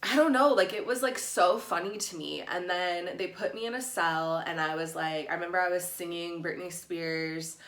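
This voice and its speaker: A woman's voice: lowish voice, steady tone, moderate pace, hardly any pauses, fairly bright tone, echoey room. A woman vlogger telling a story to camera in a casual, blunt way, full of "like" and swearing. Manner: chatty, peppered with "like", blunt and profane. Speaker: YouTube vlogger.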